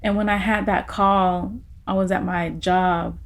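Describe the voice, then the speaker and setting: A woman's voice: lowish voice, flat delivery, unhurried. A young woman in a casual podcast conversation, telling a personal story with feeling and laughing through tears at times.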